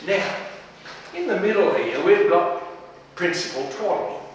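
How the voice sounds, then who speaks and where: A man's voice: high voice, sing-song, a little slow. A man doing a comic stage monologue. He talks to the audience in a chatty, teasing way, full of asides. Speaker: stage comedian. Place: studio. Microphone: distant microphone. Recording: echoey hall from far off, faint noise.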